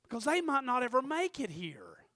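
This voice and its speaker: A male pastor preaching a sermon, telling stories animatedly, acting out voices and rising to shouts. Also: very high voice, huge pitch swings, normal speed, no echo, clean studio sound.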